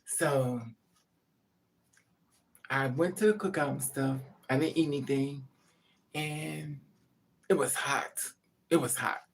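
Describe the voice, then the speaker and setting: A woman's voice: rumbling low, steady tone, takes it slowly, pauses often. A woman vlogger telling a rambling, profane story in casual chat to her viewers.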